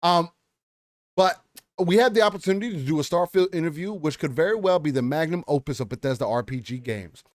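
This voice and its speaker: A man's voice: a little high, a little fast, dry recording, clean studio sound. A man co-hosting a casual gaming podcast, talking loosely and hyped, with casual swearing. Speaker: podcast co-host.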